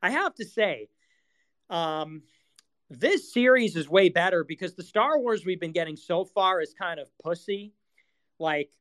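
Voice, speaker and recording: Ranting, profane man with a lively high voice. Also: poor audio. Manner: mocks others in high whiny voices. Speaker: streamer hosting live audio spaces. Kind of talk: casual monologue.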